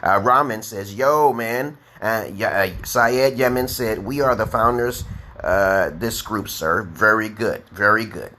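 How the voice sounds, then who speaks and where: A man's voice: on the low side, a little slow, bright, forceful tone. An American man teaching English on a casual livestream, rambling and tagging "okay" onto his sentences. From United States. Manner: rambling, repeats "okay" often; chants the alphabet in a rising sing-song.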